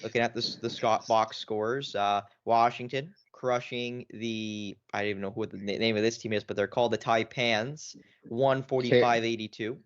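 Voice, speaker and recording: A man's voice: mid-range voice, steady tone, moderate pace, smooth. A man co-hosting a sports podcast in casual chat, rambling and circling back with lots of filler phrases. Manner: rambling, lots of "you know" and restarts. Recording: dull lo-fi podcast audio.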